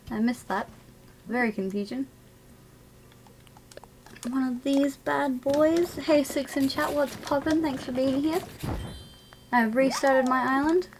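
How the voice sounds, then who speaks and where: A chatty woman streaming a game live, her voice sitting a little high as she laughs often and talks to her viewers. Soft game music plays quietly behind her.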